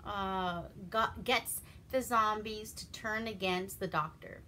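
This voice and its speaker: A woman's voice: medium pitch, fairly even intonation, slow pace, sharp tone, a little hiss or hum. A woman from Alaska giving a casual, rambling movie recap, laughing often as she goes. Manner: giggly, rambling, with frequent laughs. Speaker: movie reviewer.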